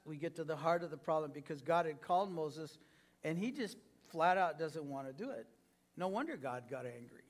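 A man preaching to his congregation, acting out quoted lines with big swings in pitch and loudness. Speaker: pastor. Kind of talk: sermon.

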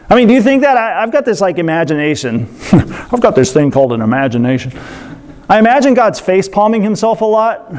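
A man preaching a sermon in a lively, conversational way, acting out quotes with playful voices. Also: sits high. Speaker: pastor.

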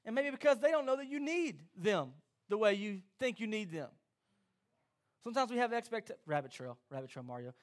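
A man preaching a sermon as pastor, animated and acting out quoted voices. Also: very high voice, moderate pace.

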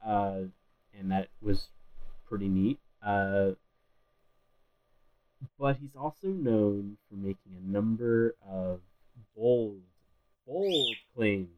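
A man's voice: lowish voice, slow pace, long pauses, narrow, tinny audio, slight background noise. A man co-hosting a podcast, explaining background details from his notes in casual chat. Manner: informative, reading from notes. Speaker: podcast co-host.

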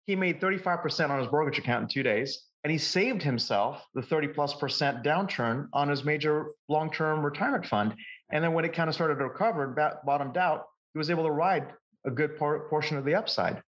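A man being interviewed as a market forecasting coach, telling lively anecdotes with frequent restarts. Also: on the high side, a little fast, dull audio. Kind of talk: conversational interview storytelling.

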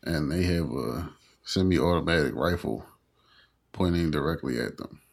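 A man co-hosting a casual podcast chat, laid-back and agreeable, quick to laugh and back the others up. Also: very deep voice, vocal fry. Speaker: podcast co-host.

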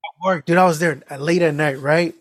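A man on a casual podcast, telling animated stories with lots of swearing and laughter. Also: on the high side, moderate pace, no echo, studio quality. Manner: animated storytelling, heavy swearing, frequent laughs. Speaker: podcast co-host.

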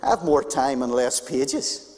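A man's voice: medium pitch, lively intonation, measured pace, a little mellow. A man preaching a sermon to a congregation, stressing his points by repeating key phrases. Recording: long reverb in a large hall.

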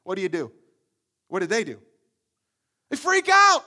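A man's voice: sits high, wildly swooping pitch, normal speed, pushed and bright. A man preaching a sermon, telling the story with energy and often repeating his words as he goes. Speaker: pastor.

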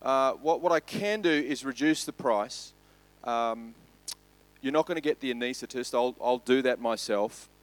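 An Australian man voicing a dentist who pitches a deal in brisk salesman patter. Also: no echo, close to an everyday voice. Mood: salesy. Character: male dentist, salesy, growing exasperated.

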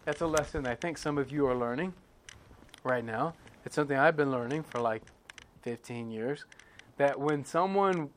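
A man preaching a sermon in a conversational way, often checking in with his listeners and swinging between quiet, heavy moments and louder, emphatic ones. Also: medium pitch, a little hiss or hum. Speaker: pastor.

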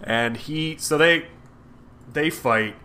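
A man's voice: a little high, slow pace, bright, forceful tone, a little hiss or hum. A man co-hosting a casual podcast, swearing a lot and laughing as he recaps a story. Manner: profane, laughing, acts out characters in goofy voices. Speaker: podcast co-host. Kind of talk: casual comics podcast chat.

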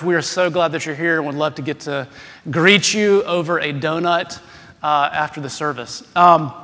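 A man, a pastor, delivering an Easter sermon, shifting between a soft prayer and humorous stories told to his congregation. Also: on the high side. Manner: humorous storytelling with self-deprecating asides. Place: large church sanctuary. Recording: long hall reverb.

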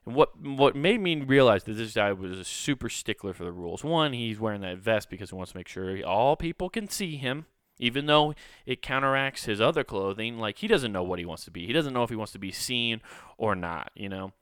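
Young male podcast host, low-pitched, smooth, dry close sound, rambling and swearing. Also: brisk, no room sound. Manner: rambling, profane, animated storytelling with frequent fillers. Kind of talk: casual solo podcast rant.

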